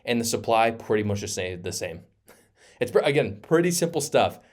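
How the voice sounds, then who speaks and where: A male political commentator ranting in his own video, sarcastic and heated, repeating his points for emphasis. His voice sits a little low. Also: big pitch swings, normal speed. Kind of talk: opinion commentary vlog.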